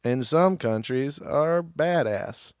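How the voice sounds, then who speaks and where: A man's voice: medium pitch, lively intonation, slow, clean tone, no echo, studio quality. A young man co-hosting a comedy podcast, chatting casually in a joking, blunt and crude way. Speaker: podcast co-host.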